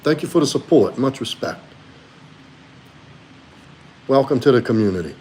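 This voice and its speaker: A man's voice: animated, moderate pace, a little mellow, slight background noise. Man chatting on a live stream. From Louisiana. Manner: answers chat questions, talks to his dog in a high sweet voice. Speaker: livestream host and coach. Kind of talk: casual live stream chat.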